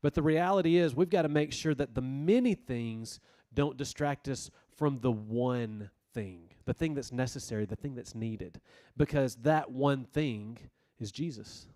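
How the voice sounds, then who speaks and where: A man giving a sermon as youth minister, telling stories with lively asides. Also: mid-range voice, measured pace, no echo. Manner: storytelling, animated asides.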